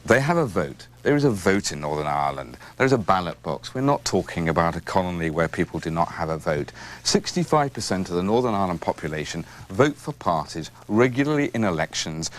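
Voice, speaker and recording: Deep, lively-pitched male debater. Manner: measured, halting with restarts, rebuts firmly. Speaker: panelist. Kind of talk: televised panel debate.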